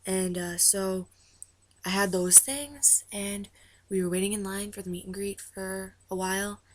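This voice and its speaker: A woman telling a story to camera in a rambling, excitable way, full of "like" and "uh". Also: mid-range voice, measured pace. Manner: rambling, heavy use of "like" and "uh"; excitable, gushing. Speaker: vlogger recounting a concert meet-and-greet.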